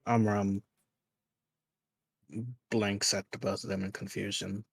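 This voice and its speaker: A man's voice: fairly low pitch, flat delivery, slow pace, gravelly, slightly rough, no room sound, clean studio sound. A man playing a character in a tabletop game, hesitant and stammering. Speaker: player.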